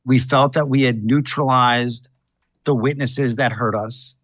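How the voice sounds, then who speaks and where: A man who is a defense lawyer, telling the story of his case in measured interview answers. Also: mid-range voice, fairly even intonation, a bit bright, dry recording.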